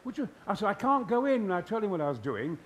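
An older man from Yorkshire, a guest telling stories in a booming, theatrical way that bursts into shouted lines. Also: big pitch swings, quick pace, slight background noise. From Yorkshire, England. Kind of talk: anecdotal storytelling.

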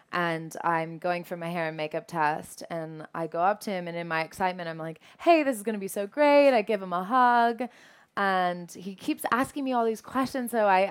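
A young woman, an actress, telling animated stories in an interview and laughing often. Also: on the low side, smooth. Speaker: actress and guest. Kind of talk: anecdotal interview chat.

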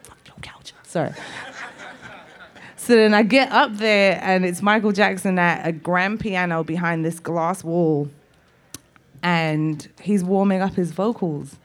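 Lively woman with a Liverpool accent. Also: fairly low pitch, measured pace. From England. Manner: animated, lively storyteller with laughs. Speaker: songwriter guest. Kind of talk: casual interview storytelling.

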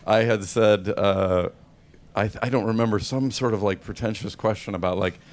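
Low-voiced man, hesitant and self-deprecating. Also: fairly even intonation, normal speed, a little hiss or hum. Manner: hesitant, self-deprecating, many restarts and laughs. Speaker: actor guest at a film Q&A. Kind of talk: casual panel Q&A. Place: event hall with live audience.

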